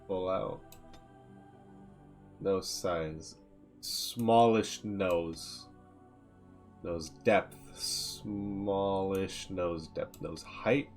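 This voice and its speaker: A man with a low, creaky voice talks in an unhurried, casual way as he plays a game. He mutters his choices to himself and reads menu text aloud, with quiet music in the background. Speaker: streamer. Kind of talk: casual gameplay commentary.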